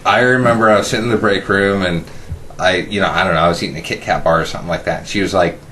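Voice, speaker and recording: A man's voice: sits low, very fast, fairly bright tone. A man hosting a podcast, rambling casually with lots of fillers and crude jokes. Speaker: podcast host. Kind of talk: casual chat.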